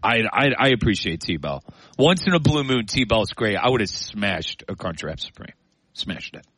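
A man's voice: lowish voice, big pitch swings, moderate pace, fairly bright tone, husky, dry recording. A man co-hosting a show in casual banter, slangy and teasing, often saying "dude". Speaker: radio co-host.

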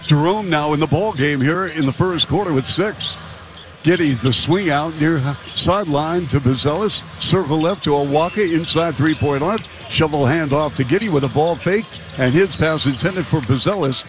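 Fast, punchy play-by-play man. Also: on the high side, background noise. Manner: rapid, punchy calls that rise to shouts on big plays. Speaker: play-by-play announcer. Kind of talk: live basketball commentary.

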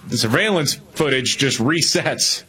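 A man's voice: medium pitch, expressive, a little slow, bright, forceful tone, slightly rough. A man co-hosting a talk radio show, counting down news headlines with wry asides and laughter. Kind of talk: casual political talk radio banter.

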